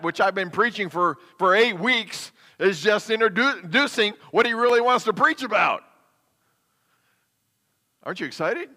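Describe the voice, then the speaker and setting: A male pastor delivers a sermon in an easy, conversational way, tossing rhetorical questions to the congregation. His voice sits high and sounds bright and forceful. It rings with a long reverb through a church sanctuary.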